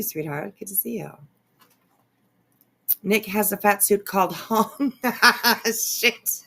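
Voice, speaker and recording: A woman's voice: on the high side, gravelly, fairly bright tone. A woman hosting a casual live stream, reacting to a clip with frequent laughter and free swearing as she chats with viewers. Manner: laughs often, swears freely, talks slowly. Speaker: streamer host.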